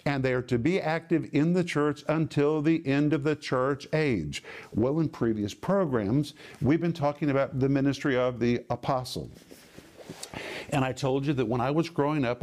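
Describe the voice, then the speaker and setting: A man hosting a televised Bible teaching program, speaking in an emphatic, deliberate preaching cadence. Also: fairly high pitch, darkish tone.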